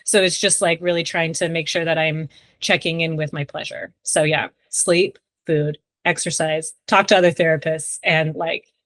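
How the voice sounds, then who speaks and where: A young woman talks casually as a podcast guest, her voice sitting a little low for a woman. She rambles warmly through fillers like "like" and "um". The sound is dry and close, with no room echo. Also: fairly even intonation, moderate pace. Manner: chatty, frequent "like" and "um". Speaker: sex therapist, podcast guest.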